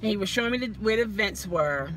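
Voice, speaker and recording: A woman telling a story casually as a vlogger, animated, acting out the people she quotes. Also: medium pitch, quick pace, a little hiss or hum.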